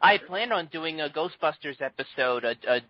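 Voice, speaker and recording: A man co-hosting a casual gaming podcast talks in a chatty, self-deprecating way. His voice sits a little high. The sound is dry and dull, like a lo-fi call. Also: lively intonation, fairly quick, no room sound. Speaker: podcast co-host. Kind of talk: casual panel chat.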